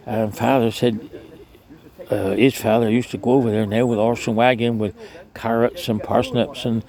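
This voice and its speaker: Brief: older Cornish man, gravelly, mid-pitched, yarn-spinning interviewee. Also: little pitch movement, moderate pace, darkish tone. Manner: chatty, restarts, mild swearing. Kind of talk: rambling storytelling.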